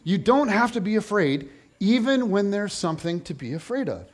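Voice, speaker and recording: A man with a high, light voice delivering a sermon. He tells the story with playful humor and voices the people in it as he goes. His pitch climbs and falls often as he talks. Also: moderate pace. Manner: animated, jokey storytelling with voiced asides. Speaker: pastor.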